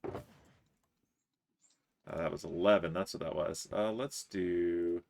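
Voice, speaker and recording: A man's voice: sits low, steady tone, slow, vocal fry, darkish tone. A man streaming a building game, chatting casually, teasing his friends and chuckling often as he reads chat aloud.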